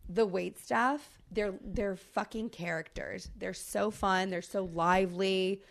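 A woman podcast co-host telling a travel story in casual chat, animated and swearing freely, with lots of fillers. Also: mid-range voice, slow, vocal fry.

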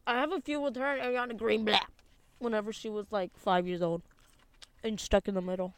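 A woman chatting casually with a friend in a parked car, blunt and teasing in a flat, offhand way. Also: mid-range voice, a little fast, slight background noise. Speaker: podcast co-host.

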